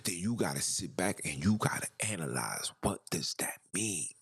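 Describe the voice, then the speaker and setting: A man's voice: deep voice, lively intonation, normal speed, a bit bright, slightly rough. A man hosting a podcast, delivering an emphatic, ranting monologue full of rhetorical questions. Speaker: podcast host. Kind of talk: impassioned monologue.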